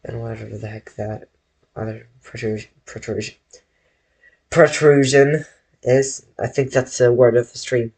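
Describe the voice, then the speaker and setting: A man's voice: mid-range voice, little pitch movement, creaky, mellow, husky. A man drawing on a live stream from his bedroom, rambling to his viewers and often correcting himself. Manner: slow, rambling, self-correcting, talks to chat. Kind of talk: casual live-stream chat while drawing.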